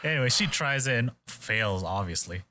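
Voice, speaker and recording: A podcast host with a mid-range, bright, forceful voice chats casually at normal speed over slight background noise. He's animated, retells scenes with quoted voices, and swears plenty amid loose filler.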